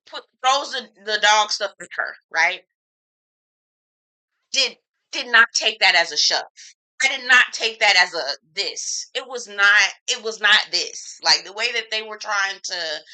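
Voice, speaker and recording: A woman's voice: medium pitch, sharp tone, poor audio. A woman giving a casual, opinionated recap of a reality TV episode, talking frankly with slang and strong opinions. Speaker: TV reviewer.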